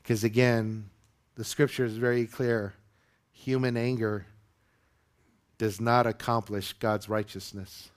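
A man's voice: lowish voice, slow pace, pauses often. A male pastor preaching a sermon to his congregation, telling a story and acting out the voices in it. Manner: animated storytelling, acts out quotes. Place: church sanctuary with congregation.

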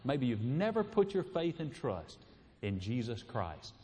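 A man's voice: medium pitch, very animated, measured pace, mellow. A middle-aged man, telling a homespun story in a sermon as a preacher, folksy and chuckling. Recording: reverberant hall.

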